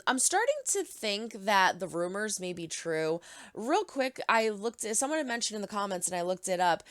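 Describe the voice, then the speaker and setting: A woman's voice: mid-range voice, fairly bright tone, no room sound, clean studio sound. A woman hosting a reaction video, giving earnest, emotional commentary in a casual way.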